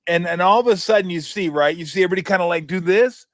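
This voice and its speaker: Brief: male radio host, casual sports talk, animated and laughing, slightly high voice, dry mic. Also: very fast, no room sound. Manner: animated storyteller, laughs often.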